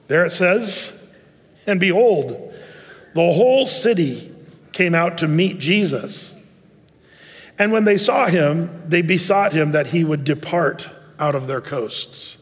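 Male pastor, high voice, chatty digressive sermon with long hall reverb. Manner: conversational, digressive, with many restarts.

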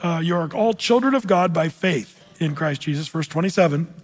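A man's voice: on the high side, expressive, normal speed, long reverb tail, faint music behind. A man preaching a sermon in a conversational way, with fillers and restarts, who reads scripture aloud. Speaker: pastor.

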